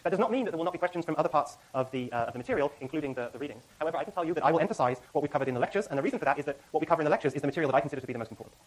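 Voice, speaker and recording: With a fairly high pitch and lively intonation, a middle-aged university lecturer hurries through announcements for his class in a lecture hall, full of fillers and self-corrections.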